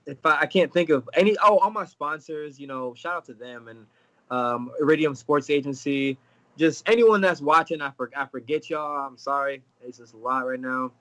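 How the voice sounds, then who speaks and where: Young man, from Jamaica, fighter guest, animated, laughing, slightly high voice, video call. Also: normal speed. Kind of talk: casual live interview chat.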